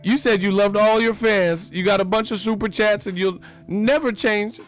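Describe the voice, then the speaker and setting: An obsessed, clingy fan begs for attention in a whiny, pleading singsong, as a man puts him on. The voice is pushed well above a normal speaking pitch. It sounds like a mocking bit inside a casual vlog. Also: steady tone, normal speed, soft background music, natural voice.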